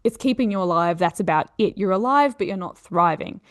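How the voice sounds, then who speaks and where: A woman's voice: medium pitch, lively intonation, a little fast. A woman with an Australian accent, a yoga teacher explaining ideas in an earnest teaching talk, often checking in with "you know" and "okay".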